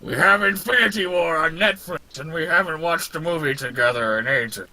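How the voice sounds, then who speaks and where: A man voicing Frankenstein's monster, a giant, simple-minded male corpse who talks in broken caveman grammar with slow, booming shouts. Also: poor audio. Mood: gloomy.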